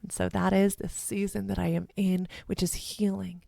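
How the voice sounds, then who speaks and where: A woman's voice: medium pitch, little pitch movement, moderate pace, creaky, dark tone, dry recording, clean studio sound. A woman guest on a podcast interview, speaking in an earnest, flowing, heartfelt way. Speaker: guest, sexuality educator.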